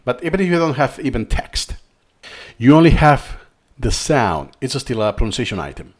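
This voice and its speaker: Thinking aloud and repeating himself, a man walks through a learning tutorial in a screen recording. His medium-pitched voice has a sing-song quality at a normal speed, and he speaks with the accent of a native Spanish speaker from Spain.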